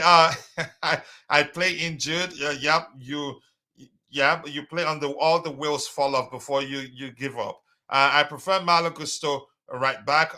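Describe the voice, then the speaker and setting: A man's voice: mid-range voice, bright, forceful tone. A man hosting a casual live stream, talking loosely with many fillers and reading out viewers' messages. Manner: hesitant, many fillers, reads chat aloud.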